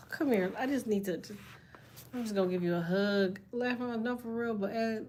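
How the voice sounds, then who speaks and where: A woman's voice: mid-range voice, moderate pace, a little mellow. A woman reading tarot who reacts to viewer comments in casual live-stream chat. She swears freely, jokes, and laughs often. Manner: profane, laughs often, jokey banter.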